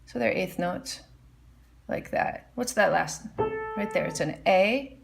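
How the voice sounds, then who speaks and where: A woman's voice: on the low side, expressive, slow pace, gravelly. A woman teaching a casual music lesson at the piano, explaining notation and singing melody lines on "da". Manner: hums and scats melody lines while explaining.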